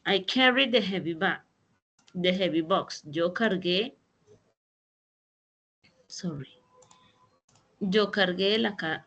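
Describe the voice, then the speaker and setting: A woman teaching an English grammar lesson over a video call, explaining slowly and deliberately. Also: mid-range voice, fairly bright tone, poor audio. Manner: slow, deliberate explanations with Spanish translations. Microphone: computer mic in a video call.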